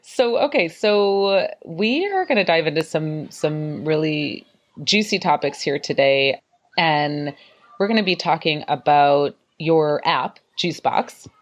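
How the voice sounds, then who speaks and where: A woman hosting a podcast interview, bubbly and exclamatory, her voice leaping up in pitch as she gets excited. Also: slow. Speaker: podcast host. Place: apartment in a city, children outside.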